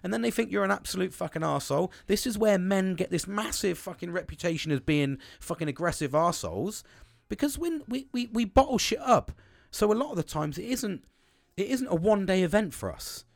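A man's voice: sits high, expressive, fairly quick, vocal fry, dry recording. A man speaking bluntly and swearing often in a frank, casual monologue about communication.

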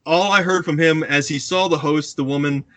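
Male storyteller, animated, close dry sound, acts out quotes. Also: on the high side, moderate pace, dry recording. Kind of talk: casual anecdote telling.

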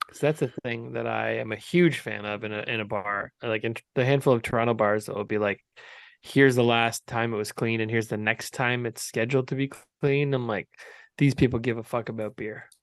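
A man hosting a podcast in casual chat, playful and teasing, quick to laugh. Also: mid-range voice, fairly even intonation, creaky, no echo. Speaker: podcast host. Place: podcast studio.

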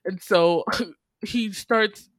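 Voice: mid-range voice, extremely slow, dry recording. A podcast host giving a casual, chatty recap of a movie, full of fillers and laughing through the story.

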